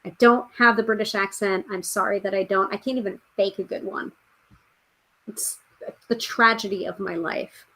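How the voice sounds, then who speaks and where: A woman's voice: mid-range voice, steady tone, moderate pace, sharp tone. Woman, podcast host, casual chatty live-stream delivery, mid-range voice. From United States. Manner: chatty, reads out viewer comments, frequent fillers.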